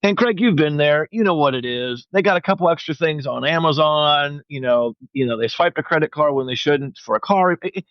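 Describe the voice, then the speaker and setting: Lively storytelling male financial coach. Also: fairly high pitch, fairly quick, few pauses, no room sound, lo-fi sound. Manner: animated storyteller who acts out client dialogue. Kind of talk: podcast interview conversation.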